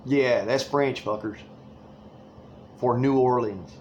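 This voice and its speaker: A man's voice: medium pitch, slow pace, darkish tone, muffled recording, slight background noise. Man with a drawl, ranting. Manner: angry, swearing, rambling. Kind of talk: profane political rant.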